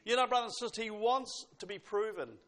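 A man's voice: sits high, brisk. A man preaching at a church service, reading scripture and leading the congregation in song. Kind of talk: sermon with congregational singing. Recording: loud music behind the voice.

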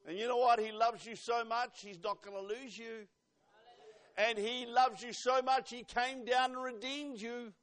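A male preacher with a notably high voice delivers a fervent sermon. He presses his points with loud, urgent appeals and then drops into quiet, confiding asides. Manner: fervent, swings between loud exhortation and hushed asides.

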